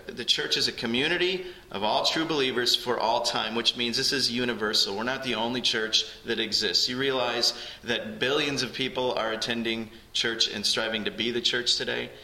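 A man's voice: mid-range voice, sharp tone. A man preaching a sermon as pastor, earnest and building emphasis on key phrases. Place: church sanctuary. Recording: echoey church hall.

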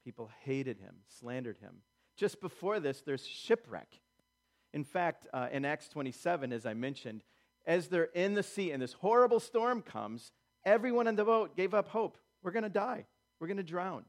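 A man's voice: a little high, big pitch swings, moderate pace. A man preaching a sermon, acting out quotes in character and building emphasis through repetition. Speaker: pastor.

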